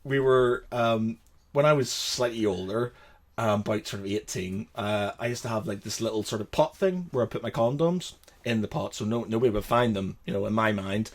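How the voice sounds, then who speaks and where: A man's voice: fairly low pitch, moderate pace. Laughing man telling rambling stories. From Northern Ireland. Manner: rambling anecdotes, laughs at his own stories. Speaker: podcast co-host. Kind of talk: casual storytelling chat.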